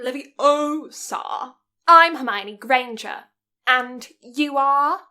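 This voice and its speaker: A British woman playing a prim, bossy young schoolgirl witch with a bright, sharp voice, clipped and scolding, high and tense. Her lines come out slow and deliberate, like a teacher's pet setting everyone straight. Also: exaggerated voice. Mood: indignant.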